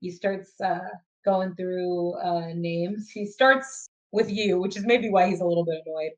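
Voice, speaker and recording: A woman's voice: lowish voice, measured pace, highs cut off. Hesitant woman game master narrating. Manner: rambling, hesitant with many fillers. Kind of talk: narrating a tabletop role-playing game.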